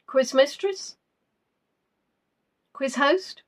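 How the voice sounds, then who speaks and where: Woman, quiz host, playful and chatty, slightly high voice. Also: extremely slow. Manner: chatty and playful, repeats answers aloud, muses between questions. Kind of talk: live-stream quiz, reading out viewers' answers.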